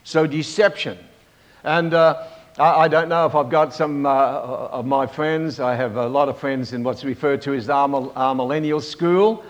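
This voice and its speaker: A man preaching a Bible-teaching sermon, pausing often with fillers and restarts and asking the congregation for amens. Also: medium pitch, steady tone. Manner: halting, with many fillers and restarts. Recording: dull lo-fi recording.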